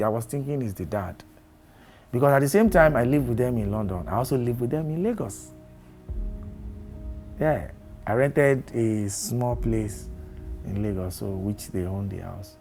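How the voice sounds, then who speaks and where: A man's voice: medium pitch, a little slow, pauses often, darkish tone, soft background music. A Nigerian man telling how he learned of a death, acting out the dialogue he had. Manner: plain narrative, acts out quoted dialogue. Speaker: friend interviewed. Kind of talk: storytelling recollection.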